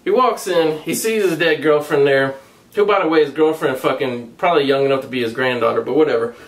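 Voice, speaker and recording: A man's voice: fairly high pitch, fairly quick. Foul-mouthed mocking male movie reviewer. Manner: crude, profanity-laden, mocking; animated storytelling with laughs. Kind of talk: casual profane film review.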